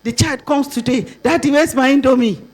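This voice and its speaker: An older woman with a Nigerian accent giving a conference talk, lively and asking the audience rhetorical questions. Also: sits high, a little fast, husky. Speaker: conference speaker.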